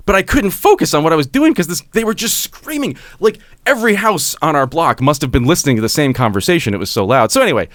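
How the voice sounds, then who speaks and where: A man's voice: on the high side, big pitch swings, fast talker, few pauses, a bit bright, no echo. A man on a podcast telling a story in casual chat, acting out the people in it and laughing as he goes. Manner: acts out quoted voices, laughs while telling. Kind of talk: casual chat, animated anecdote.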